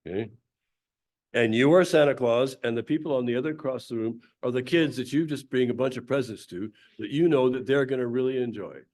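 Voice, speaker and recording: A man at a mid-range pitch gives a Sunday talk. He coaches the group through an exercise with plain, directive instructions and clears his throat often between phrases. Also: a little fast, a little mellow. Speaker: speaker leading a Sunday talk. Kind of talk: leading a group laughter exercise.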